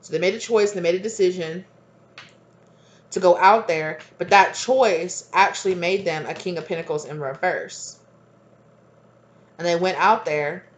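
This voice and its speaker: A woman's voice: on the low side, moderate pace, pauses often. A woman giving a casual spoken tarot reading, rambling and repeating herself with lots of fillers and chatty asides. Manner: laughs easily, chatty asides. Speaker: tarot reader.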